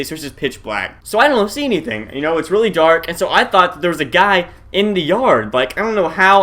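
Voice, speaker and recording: Young male vlogger, a bit high-pitched, casual and animated storytelling to camera. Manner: animated, addresses viewers as guys, shouts at tense moments.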